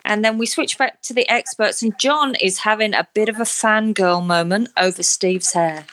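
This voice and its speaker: A woman's voice: medium pitch, normal speed, fairly bright tone, slight background noise. Chatty woman recapping a reality show. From not Australia. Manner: chatty, opinionated, self-deprecating. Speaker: podcast co-host.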